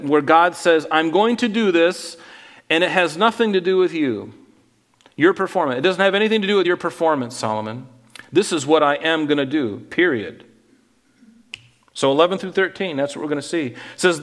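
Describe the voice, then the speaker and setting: A man preaching a sermon as pastor, teaching through a Bible passage with animated voicing of God and Solomon. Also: a little high, big-room sound.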